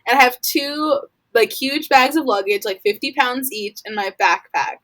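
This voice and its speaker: A woman's voice: sits high, normal speed, a bit bright, low-quality recording. A young woman from Florida telling a long story casually, rambling and filling her speech with "like" while acting out her own reactions. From Florida, USA. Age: young adult. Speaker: college student guest.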